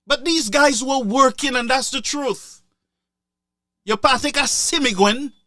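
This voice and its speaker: A man delivers heated political commentary in a high, bright voice. He scolds his listeners and hammers his points home through repetition and sarcasm. He speaks at an unhurried pace into a dry, close microphone. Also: dry recording.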